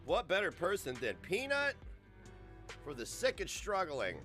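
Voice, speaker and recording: Male host, mocking rant, animated swings in pitch, faint music behind. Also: a little slow. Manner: sarcastic, mocking, profane. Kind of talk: ranting commentary on clips.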